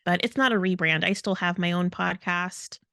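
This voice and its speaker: A woman's voice: fairly low pitch, moderate pace, creaky, pushed and bright, no room sound, clean studio sound. A woman co-hosting a podcast in casual talk, speaking in an emphatic, indignant way. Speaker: podcast co-host.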